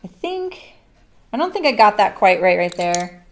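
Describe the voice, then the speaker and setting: A woman's voice: mid-range voice, big pitch swings, a little slow. A middle-aged woman hosting a live sewing stream, chatting casually and laughing often as she works. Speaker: sewing livestream host.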